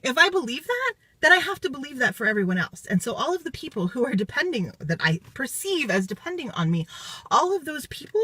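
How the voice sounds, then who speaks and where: A woman's voice: high voice, sing-song, fairly quick, bright, forceful tone, slightly rough, dry recording. A woman giving an emotional live video testimonial after a retreat, swearing freely and close to tears. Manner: swearing, intense, near tears.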